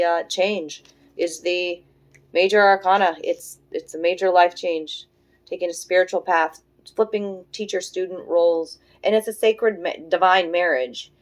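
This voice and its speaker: A woman with a low, deep voice reads tarot cards in a relaxed, conversational way. She muses softly and thinks out loud, pausing on fillers as she turns over each card. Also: poor audio. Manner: soft, musing, thinks aloud with many fillers. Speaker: tarot reader. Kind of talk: casual tarot reading.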